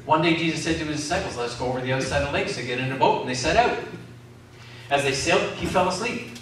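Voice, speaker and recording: A man's voice: a little high, fast, fairly bright tone, a little hiss or hum. A man preaching a sermon, calling out questions to the congregation. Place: community centre hall. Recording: echoey hall from far off.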